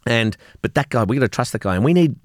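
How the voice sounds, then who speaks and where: A man's voice: mid-range voice, lively intonation, fast, no echo, studio quality. A middle-aged Australian man, a company co-founder, telling stories in a casual interview chat, repeating words and swearing now and then. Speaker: gin company co-founder, guest.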